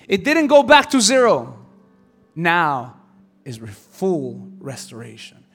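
A male pastor preaching a sermon with passion, swinging from hushed lines to shouts. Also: fairly high pitch, huge pitch swings, takes it slowly, breathy edge, soft background music.

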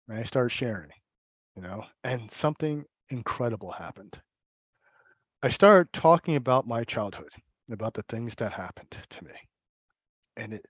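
A man giving a personal recovery share at a support meeting, speaking candidly and haltingly, repeating words and laughing. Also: mid-range voice, breathy edge, no echo, lo-fi sound.

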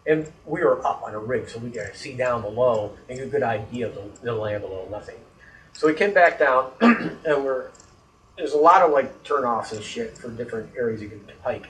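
A man's voice: medium pitch, expressive, normal speed, reverberant, far from the mic, a little hiss or hum, poor audio. A man telling a story in casual chat, rambling and swearing, getting worked up when annoyed.

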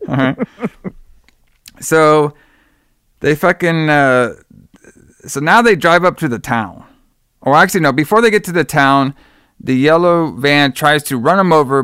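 A man co-hosting a horror-movie podcast recaps plot points in a loose, rambling way, laughing and swearing as he goes. His voice is smooth and clear. The recording is dry and close to the mic. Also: fairly high pitch, moderate pace, long pauses, a bit bright, no room sound. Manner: rambling, profane, laughs often. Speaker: podcast co-host. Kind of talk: casual movie-review chat.

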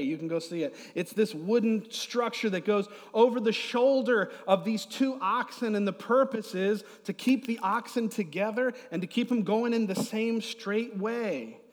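A middle-aged man preaching a sermon as pastor, swinging from loud emphasis to soft asides. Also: high voice, normal speed, few pauses. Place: church hall. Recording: long hall reverb.

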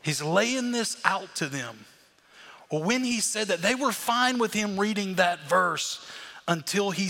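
A man preaching a sermon as pastor, animated, acting out the crowd's voices. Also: sits high, measured pace, creaky, big-room sound.

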